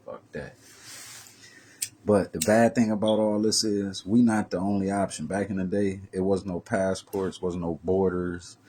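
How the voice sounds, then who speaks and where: A man vlogging a profane, heated street-talk rant that swings from low muttering to loud raised bursts. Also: steady tone, measured pace, a little hiss or hum.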